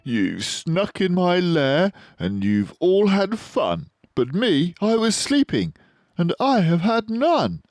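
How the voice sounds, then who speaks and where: A man's voice: high-pitched, big pitch swings, slow, darkish tone, no echo, voice pushed up, heavily acted. An older man voicing a big storybook bear, woken and sulking, in a raised whiny voice. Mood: aggrieved. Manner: whiny, complaining.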